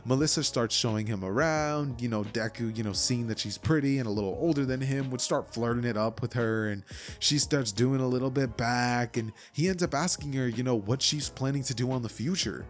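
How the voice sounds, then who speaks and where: Chatty male fan narrator, casual storytelling, mid-pitched, faint music behind. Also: fairly quick. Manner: casual, chatty, with asides to viewers.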